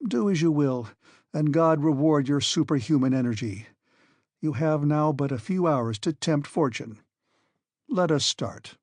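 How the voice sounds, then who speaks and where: A man's voice: a little high, a little slow, a little mellow, dry recording, studio quality. A man voicing a desperate young nephew in an audiobook, pleading in a raised, strained voice. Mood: resigned.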